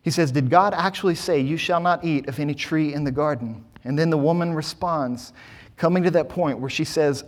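Male pastor, fairly high voice, sermon delivery, emphatic with rhetorical questions. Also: fairly quick.

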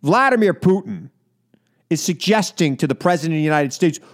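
A man's voice: on the high side, expressive, fairly quick. A man hosting a political talk radio show, delivering an indignant, emphatic monologue with lots of repetition. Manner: indignant, emphatic, repeats for effect.

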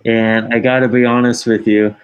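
A man's voice: mid-range voice, little pitch movement, normal speed, smooth, dull audio. Laid-back man in casual banter. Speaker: podcast co-host. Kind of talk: casual chat.

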